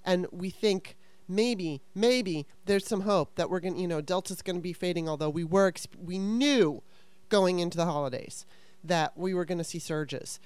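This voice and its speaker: A woman's voice: fairly low pitch, normal speed, a little mellow, clear, resonant tone, dry recording. A woman hosting a podcast interview in a casual, chatty way, laughing often. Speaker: podcast host.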